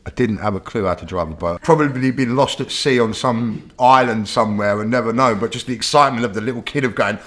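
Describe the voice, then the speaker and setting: A man's voice: medium pitch, fast talker, few pauses, a bit bright. A British man casually telling his own story in an interview, chatty, full of fillers, and often checking in with the listener. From Britain.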